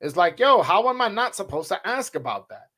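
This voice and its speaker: A man's voice: high voice, very animated, brisk, pushed and bright. A man hosting a livestream as a boxing journalist, ranting heatedly in slangy speech with many restarts. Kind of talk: casual livestream rant.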